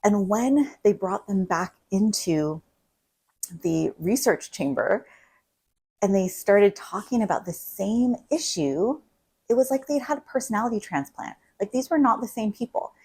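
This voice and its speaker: A woman's voice: mid-range voice, animated, unhurried, a little mellow, breathy edge, low-quality recording. A woman couples therapist explaining things in a casual, conversational way, often tagging on "right?". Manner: conversational, many "like" and "right?" asides. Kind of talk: casual advice talk to camera.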